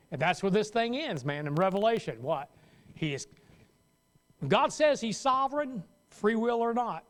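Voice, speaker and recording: A man's voice: high voice, big pitch swings, a little slow, long pauses, a bit bright. A man pastor teaching a Sunday school Bible lesson in a loose, conversational way, often stopping mid-sentence to restart.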